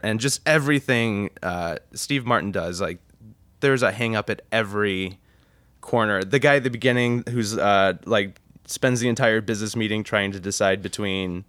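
A man's voice: fairly low pitch, fairly bright tone, smooth, no room sound. A man from the Chicago suburbs hosting a casual podcast chat, rambling and laughing as he retells scenes. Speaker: podcast host reviewing a film.

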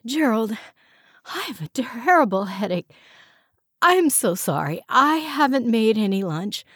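A fretful, ailing housewife, as a woman reader puts her on, her voice pitched up high and pushed louder. She sounds strained and pleading, in a dry storybook reading. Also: sing-song, measured pace, slightly rough, dry recording, exaggerated voice.

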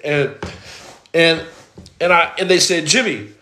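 A man's voice: a little high, expressive, a little slow, noisy background. A man telling his personal testimony in a blunt, emphatic, streetwise way, like a preacher. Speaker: storyteller giving testimony. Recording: roomy echo.

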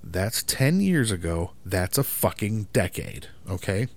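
Podcast host, male, from Michigan, lower-pitched, rants angrily and swears constantly. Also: very animated, a little slow. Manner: exasperated, profane ranting. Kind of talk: solo podcast rant.

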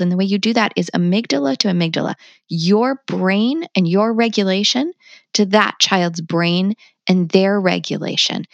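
A woman's voice: medium pitch, dry recording, dull audio. Blunt, fired-up woman parenting coach. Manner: blunt and emphatic, swears freely; animated and passionate. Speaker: parenting educator, podcast guest. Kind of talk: candid conversational interview.

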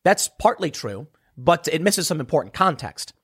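A man's voice: on the high side, very animated, moderate pace, fairly bright tone, slightly rough. A man delivering a sarcastic political commentary monologue, emphatic and mocking his opponents.

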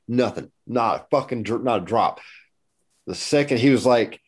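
A man's voice: medium pitch, darkish tone. A man in a casual podcast chat, telling a story with jokes and swearing. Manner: fast, profane, joking storytelling.

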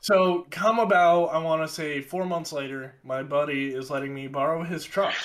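A young man telling a story in a casual, animated and exasperated way, swearing often. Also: on the high side, normal speed, noisy background. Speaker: podcast co-host telling a story.

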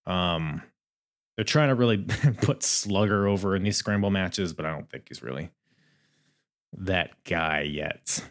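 A man's voice: sits low, measured pace. A man hosting a solo podcast, recapping in a laid-back, chatty, jokey way and laughing between remarks. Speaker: podcast host.

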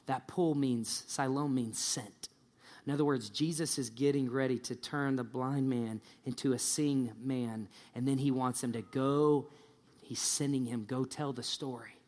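A pastor preaching a sermon, telling a story in a lively way and acting out the people in it. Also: male voice, mid-range voice, unhurried. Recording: long church-hall reverb.

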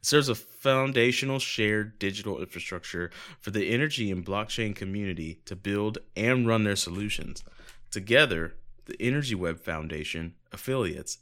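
A man with a fairly low voice reads news articles aloud on a casual podcast. He keeps stopping for sarcastic jokes and a bit of swearing. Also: fairly bright tone. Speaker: podcast co-host.

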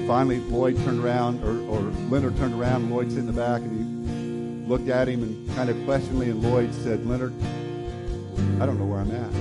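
A man preaching a sermon and telling a story, often restarting his words and swinging between loud and hushed delivery. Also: medium pitch. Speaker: pastor.

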